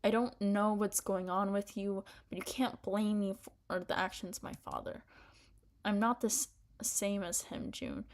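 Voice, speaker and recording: A woman voices a young heroine from a story game, earnest and pleading. The reading is soft and unhurried, spoken at an easy, slow pace with a mid-range voice. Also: medium pitch, lightly acted.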